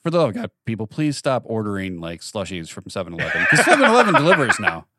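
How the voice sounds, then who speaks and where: Quick, rambling male co-host, lively voice. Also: lowish voice, very noisy. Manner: rambling, quick riffing with fillers. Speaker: podcast co-host. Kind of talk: casual chat.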